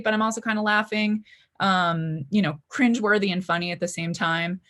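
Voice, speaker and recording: A woman's voice: lowish voice, brisk, a bit bright. Young woman telling a story on stage. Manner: chatty, full of "like" and "you know" fillers. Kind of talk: live story slam storytelling. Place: library event stage before an audience.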